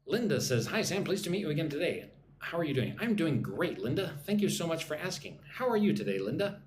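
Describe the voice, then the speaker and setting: A man teaching English on a live stream, drilling phrases slowly and greeting viewers from the chat, a little sleepy. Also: a little high, big pitch swings. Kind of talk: live-streamed pronunciation lesson. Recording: echoey room with faint background noise.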